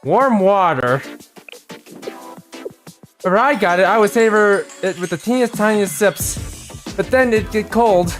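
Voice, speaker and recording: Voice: medium pitch, lively intonation, slow, pauses often, soft background music, voice pushed up. A reader voicing a timid young girl who gushes with wonder over simple treats, while reading a game story aloud. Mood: delighted. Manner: gushing, breathless wonder over small treats.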